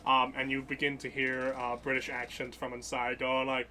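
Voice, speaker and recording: A man narrating as game master of a tabletop role-playing game, a lively storyteller who laughs often. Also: medium pitch, moderate pace, hardly any pauses.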